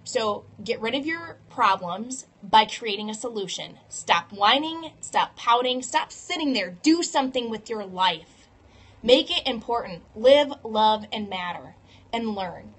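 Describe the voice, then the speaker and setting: A woman talks straight to her viewers in a casual motivational vlog, earnest and conversational. Her voice sits a little high. When she tells a story she acts out the voices. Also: animated, unhurried, slightly rough. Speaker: fitness coach and vlogger. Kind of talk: casual motivational talk to camera.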